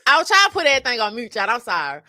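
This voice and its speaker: A Memphis woman chats on a podcast, loud and full of swearing and laughter. Her voice is bright and sharp, jumping all over in pitch. The mic is close and dry. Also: huge pitch swings, rapid-fire, no room sound. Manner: loud, profane, laughs often. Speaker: podcast co-host. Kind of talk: casual podcast chat. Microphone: studio mic.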